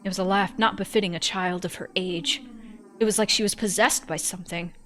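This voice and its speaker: A woman's voice: mid-range voice, fairly even intonation, a little fast, fairly bright tone, a little hiss or hum. A woman streamer narrating a visual novel in first person, reading expressively and breaking off for joking asides.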